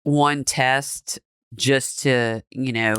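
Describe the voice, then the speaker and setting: A woman's voice: a bass voice, fairly even intonation, extremely slow, clean tone, no room sound. A woman co-hosting a casual true crime podcast, chiming in with wry quips. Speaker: podcast co-host.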